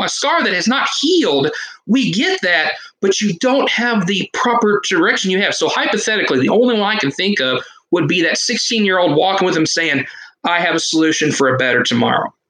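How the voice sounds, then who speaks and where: A man's voice: high-pitched, pushed and bright, rough recording. A man who is a podcast guest, talking earnestly in a casual discussion and often restarting his sentences. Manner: earnest, rambling, with many restarts.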